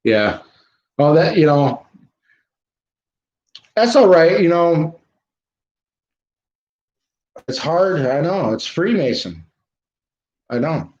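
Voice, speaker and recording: A man ranting on a livestream in a fairly high voice, insisting hard and repeating himself for emphasis. The sound is roomy and dull, like lo-fi stream audio. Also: expressive, takes it slowly, pauses often, darkish tone. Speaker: livestream host.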